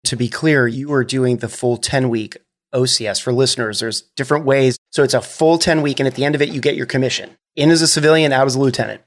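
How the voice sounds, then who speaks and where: A man's voice: medium pitch, fairly even intonation, fast. A man in his fifties hosting a podcast, asking his guest questions and explaining details for the listeners. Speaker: podcast host. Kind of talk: interview questions.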